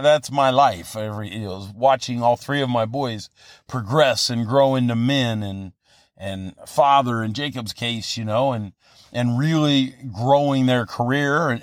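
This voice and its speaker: A man's voice: medium pitch, moderate pace, no room sound, studio quality. A man in his fifties hosting a podcast, telling a personal story in a casual motivational monologue, earnest and rambling with many restarts. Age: 50s. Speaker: podcast host.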